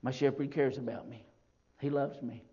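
A man preaching a sermon, slow and emphatic, swinging from loud declarations to quiet reflection. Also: mid-range voice, steady tone, highs cut off. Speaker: pastor.

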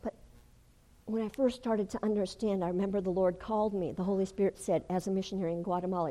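Older woman preacher, fervent sermon delivery that builds to shouting. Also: mid-range voice, fairly even intonation, fast talker. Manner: fervent, rises to shouting when retelling. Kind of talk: sermon testimony.

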